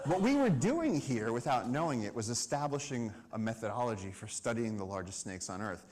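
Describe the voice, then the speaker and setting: A man telling an animated story at a live conservation event, acting out the lines of the people in it. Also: mid-range voice, brisk, hardly any pauses. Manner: lively storyteller, acts out dialogue and shouts. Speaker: conservation speaker.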